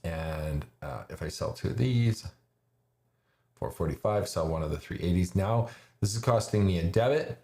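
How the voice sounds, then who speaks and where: Deep gravelly man streaming market talk. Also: expressive, moderate pace, darkish tone, echoey room. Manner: thinks aloud while building trades, frequent fillers and restarts. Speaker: livestream host discussing options trades. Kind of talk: casual live market commentary.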